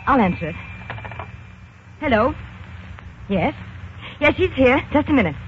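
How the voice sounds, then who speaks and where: An actress playing Kitty, an excitable and loyal young friend, pleading, in a 1940s radio drama. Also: female voice, high-pitched, unhurried, a little hiss or hum. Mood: excited. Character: young woman, loyal and anxious dancer friend. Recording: muffled old radio recording.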